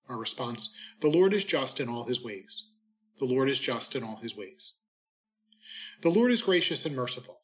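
Male clergyman, mid-pitched, unhurried reverent delivery for daily readings and a short homily. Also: low-quality recording. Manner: measured, reverent reading cadence.

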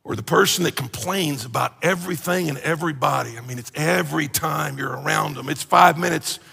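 A man preaching a conversational sermon as pastor, animated and joking, acting out everyday complaints. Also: on the high side, fairly quick, creaky, slightly rough, big-room sound.

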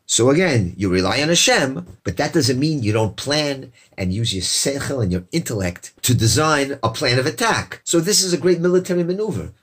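A man with a slightly husky voice leads a verse-by-verse Bible lesson. He reads each verse in Hebrew, translates it, and explains it in a lively way, voicing the characters as he quotes them. His pitch sits in the middle range for a man. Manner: lively, acts out quoted speakers. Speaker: Bible teacher.

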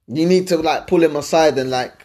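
A young man gives blunt, animated relationship advice in a casual, slangy way, repeating his points. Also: a little high, a little fast. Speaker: advice-giving host.

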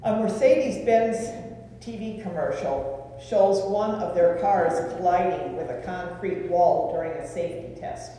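A woman pastor preaching a sermon in a deliberate way, with rhetorical questions and lists, recorded in a church sanctuary. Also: lowish voice, mellow, slight background noise. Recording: echoey hall from far off.

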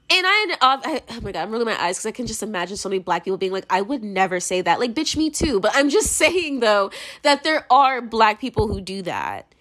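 A young American woman talks through her opinions in a loose, rambling monologue. Her voice sits high and swings widely up and down. She is blunt, swears freely and fills her sentences with "like". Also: fairly bright tone. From United States. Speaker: commentator.

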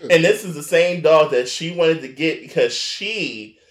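Animated New man telling stories. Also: a little high, a little slow, roomy sound. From New York tri-state area. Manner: animated, laughing, slangy storyteller. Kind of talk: casual chat, storytelling.

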